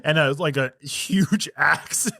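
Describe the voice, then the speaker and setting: A man's voice: a little high, slow pace, gravelly, sharp tone. A man co-hosting a podcast, casually retelling film scenes and acting out the characters' lines with laughs. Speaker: podcast co-host. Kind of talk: casual film review chat.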